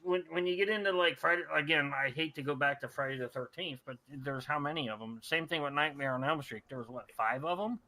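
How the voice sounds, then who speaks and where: A man's voice: a little high, a little fast, few pauses, bright, forceful tone, low-quality recording. A man hosting a talk radio show, rambling and profane, with lots of restarts and fillers. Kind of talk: casual crude talk radio banter.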